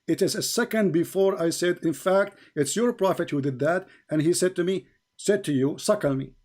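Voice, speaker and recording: A man's voice: high voice, normal speed, darkish tone. A man hosting a heated live debate over a video call, combative and repetitive, with broken grammar. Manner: combative, repeats phrases, non-native grammar. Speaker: host.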